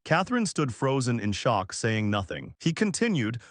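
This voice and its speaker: A man reads a story recap aloud in an even, steady storytelling voice at a medium pitch. The recording is dry and close, with no room sound. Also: moderate pace, hardly any pauses, no echo. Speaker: recap narrator. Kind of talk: scripted story narration.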